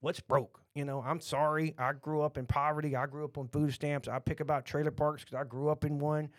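Blunt Texan man, fairly high voice. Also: flat delivery, brisk, no echo. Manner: blunt, rambling, with many restarts. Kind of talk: casual opinionated chat.

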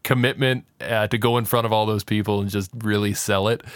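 A man co-hosting a casual podcast, talking in an animated way and swearing freely. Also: on the low side, a little fast, no echo. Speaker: podcast co-host. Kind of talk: casual chat.

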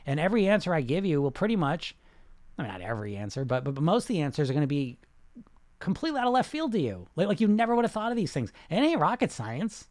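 A man's voice: fairly high pitch, big pitch swings, fast talker, a little mellow, no room sound. A middle-aged man, a weight-loss coach hosting a casual live question-and-answer talk, rambling with many restarts in an emphatic, salesy way.

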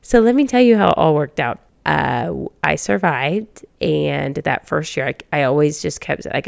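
A woman's voice: low-pitched, lively intonation, normal speed, creaky, no echo. A woman in her thirties hosting a faith podcast, chatting casually, laughing often and restarting her sentences. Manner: giggly, rambling with many restarts. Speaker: podcast host.

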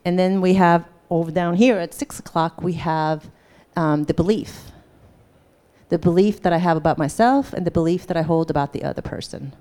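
A woman leads a live class in a lowish, mellow voice. She talks in a conversational way, keeps checking in with the room, and slips into little acted-out bits of dialogue. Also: moderate pace, clean tone. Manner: animated, acts out quoted dialogue. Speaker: workshop teacher.

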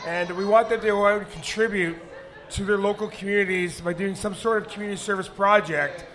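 Raspy-voiced man, high and bright. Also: a little fast. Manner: relaxed, rambling with fillers. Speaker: guest, former hockey player. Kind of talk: casual live interview. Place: bar event with live audience.

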